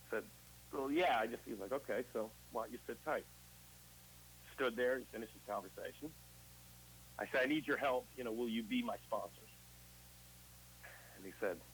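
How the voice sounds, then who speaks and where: The speaker is a man with a gravelly, medium-pitched voice that's a bit bright, heard over slight background noise in poor audio. As an interview guest, he candidly recounts his recovery in casual storytelling, performing past conversations as quoted dialogue.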